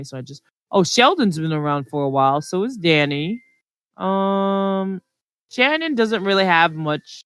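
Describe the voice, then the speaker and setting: Smooth voice, totally dry, rambles and fills every gap with um and like, casual podcast chat. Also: mid-range voice, fairly bright tone, no room sound. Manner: rambling, filler-heavy storytelling. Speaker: podcast co-host.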